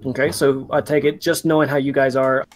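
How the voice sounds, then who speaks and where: A man's voice: mid-range voice, level tone, brisk. A man narrating as game master in a tabletop game, talking loosely with many fillers and restarts.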